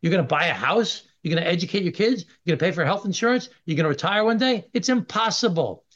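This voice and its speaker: A middle-aged man argues his case on a radio interview, forceful and emphatic. His voice sits a bit high for a man. The recording is dull and lo-fi. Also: animated, quick pace. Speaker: congressman guest.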